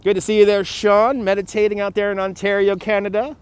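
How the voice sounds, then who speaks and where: Outdoors near a city harbor, a New York man in his forties runs a casual livestream walking tour, welcoming viewers by name and reading their comments. Recorded on a gimbal-mounted phone over passing traffic, his high, clean voice moves little in pitch and comes at a fairly quick clip.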